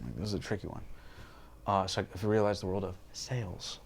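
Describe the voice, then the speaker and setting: A man's voice: deep voice, flat delivery, a little fast. A man in his twenties, a podcast guest, telling his personal story candidly, swearing freely and acting out his past thoughts. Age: 20s.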